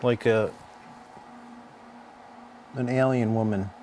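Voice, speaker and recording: A man hosting a live art stream, explaining his work in a halting, rambling way with lots of restarts. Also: lowish voice, fairly even intonation, a little mellow, slight background noise. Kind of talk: casual live-stream chat while working.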